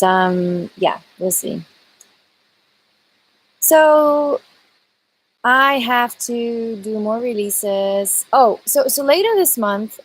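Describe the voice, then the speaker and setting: A woman's voice: medium pitch, a little hiss or hum, poor audio. A woman singer chatting casually with viewers on a live stream, greeting them by name and talking with lots of fillers. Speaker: singer hosting a live chat.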